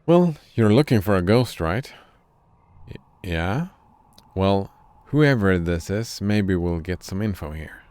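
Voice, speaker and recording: A man streamer reading a video game's dialogue aloud in a deadpan, unhurried way. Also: deep voice, no echo.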